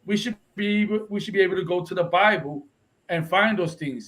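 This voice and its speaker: Heard through a rough recording, the man's voice sits high and a bit bright, at a moderate pace. As a religious instructor leading a confrontational Bible lesson in both English and Spanish, he presses hard, asking "right?" again and again for agreement in an emphatic way.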